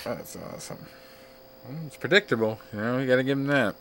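A man hosting a casual show, reading off records in a laid-back, joking way with frequent filler pauses. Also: medium pitch, a bit bright, slight background noise. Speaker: podcast host. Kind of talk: casual chat.

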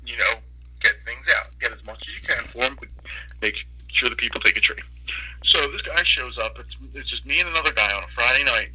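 A man's voice: mid-range voice, brisk, husky, low-quality recording. A man telling a long, profane story in casual talk, acting out the people in it as he goes. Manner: profane, animated anecdote with quoted voices.

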